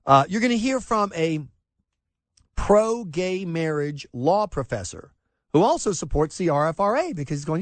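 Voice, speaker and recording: A man's voice: fairly high pitch, very animated, normal speed, no room sound. A man hosting a talk radio show, delivering sarcastic, emphatic commentary full of rhetorical questions.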